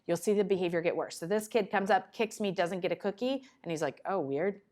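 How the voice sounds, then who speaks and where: A woman giving a conversational conference talk to parents, breaking into quick acted asides. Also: medium pitch, darkish tone. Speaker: conference presenter on child behavior. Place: conference room.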